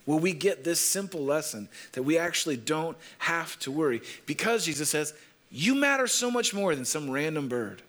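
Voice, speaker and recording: A man preaching a sermon, telling stories and repeating phrases slowly for emphasis. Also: fairly high pitch, animated, fairly bright tone. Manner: storytelling preacher, leans on repetition and slows down for emphasis. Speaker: pastor.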